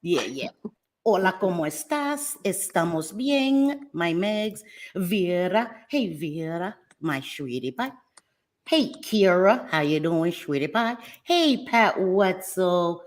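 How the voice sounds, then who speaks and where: A woman hosting a casual livestream, lively and affectionate, greeting viewers by name with pet names like sweetie pie. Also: fairly low pitch, slow pace. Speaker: livestream host. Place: home in New Jersey.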